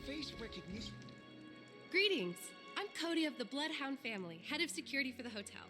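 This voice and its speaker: Man doing a high prim security chief. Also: very animated, fairly quick, music in the background. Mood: formal.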